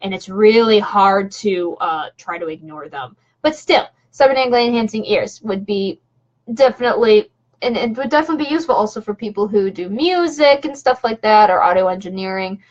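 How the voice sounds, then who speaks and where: A woman's voice: mid-range voice, lively intonation, a little fast, muffled recording. Rambling woman on a live stream. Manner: rambling, many fillers and restarts, chatty asides. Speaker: vlogger doing a live stream. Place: home room.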